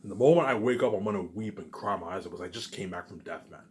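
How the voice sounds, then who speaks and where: A man's voice: low-pitched, fast. A man in a rambling, profane solo monologue to his viewers, repeating "obviously" and "you know what I'm saying" again and again. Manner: profane, emphatic and grandiose. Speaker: channel host.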